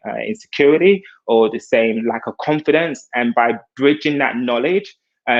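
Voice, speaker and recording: On a video call, a male hairstylist appears as a guest and speaks earnestly and reflectively about being a self-taught artist. His voice is mid-range and the audio sounds dull. It comes across as heartfelt, conversational sharing.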